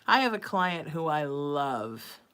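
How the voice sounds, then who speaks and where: A woman's voice: low-pitched, sing-song, slow pace, fairly bright tone, smooth. A woman hosting a psychic livestream, chatting casually and reading viewer texts aloud. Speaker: psychic medium livestream host.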